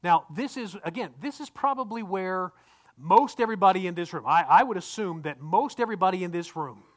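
A man's voice: high voice, lively intonation, a little fast. A male pastor giving a conversational sermon, often repeating words and asking the congregation questions.

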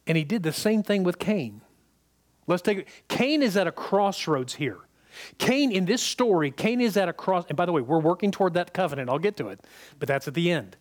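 High-voiced male preacher, conversational. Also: animated, a little fast. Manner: conversational, checks in with the congregation; repeats and restarts words when emphatic. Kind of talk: sermon.

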